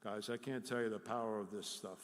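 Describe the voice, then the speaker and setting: A middle-aged man from City, telling animated, self-deprecating stories as a speaker at a recovery workshop. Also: on the low side, brisk. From Jersey City, New Jersey. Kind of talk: live storytelling talk. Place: workshop hall before an audience. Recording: echoey hall with long reverb.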